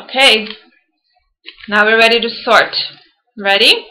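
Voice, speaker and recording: Slow, patient woman teacher. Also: a little high, sharp tone, rough recording. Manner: slow, patient, sounding words out. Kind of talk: early-years phonics lesson.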